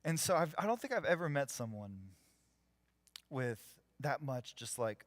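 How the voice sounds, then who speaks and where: A man's voice: a little high, very animated, unhurried, no echo. A man preaching a live church sermon, telling a story with energy and acting out the people he quotes. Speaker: pastor.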